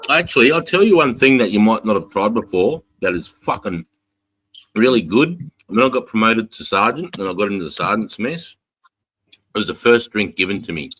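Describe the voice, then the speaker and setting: A man's voice: lowish voice, bright, forceful tone, low-quality recording. An Australian man in crude, laughing banter on a live stream, telling stories and swearing affectionately. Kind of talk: casual banter and storytelling.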